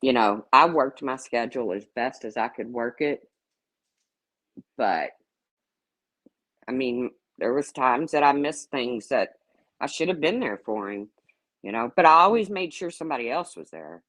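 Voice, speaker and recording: A woman's voice: rumbling low, lively intonation, unhurried, long pauses, fairly bright tone, no room sound, poor audio. A middle-aged woman telling candid stories in a casual way, swearing freely and acting out what people said. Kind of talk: casual storytelling.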